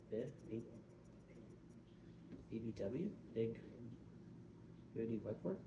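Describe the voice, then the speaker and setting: A very tired young man rambles through a casual vlog, swearing freely and poking fun at himself. His voice sits a little low, and there is clear room noise under it. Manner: tired, self-mocking and profane, with many restarts. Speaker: vlogger.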